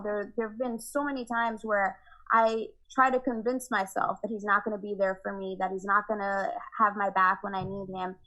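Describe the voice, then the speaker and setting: A woman's voice: medium pitch, pushed and bright, low-quality recording. A young woman talking openly about her relationship as a podcast guest, often laughing and acting out what she once said. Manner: candid, laughs often, acts out her own past words. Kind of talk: casual conversation.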